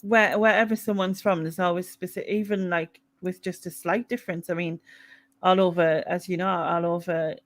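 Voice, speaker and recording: A woman's voice: on the low side, steady tone, normal speed. A woman with a Mackem accent from North East England, hosting a casual live chat, laughing often and reading out viewers' comments. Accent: Mackem (Sunderland). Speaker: live stream host.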